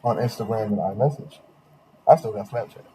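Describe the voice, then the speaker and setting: A young man hosting a podcast, telling a long dating story in slangy, animated casual chat with quoted voices. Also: lowish voice, brisk, slight background noise. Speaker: podcast host.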